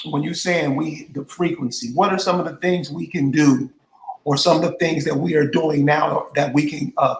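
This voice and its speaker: A man hosting an interview, blunt and streetwise in how he talks. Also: a little high. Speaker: host. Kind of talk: casual interview talk. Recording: echoey room.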